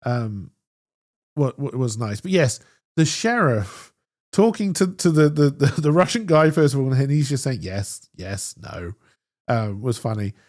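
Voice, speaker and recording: A man's voice: medium pitch, moderate pace. A man co-hosting a podcast, chatting casually and enthusiastically about a TV episode. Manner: enthusiastic, animated storytelling. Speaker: podcast co-host. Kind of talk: casual chat.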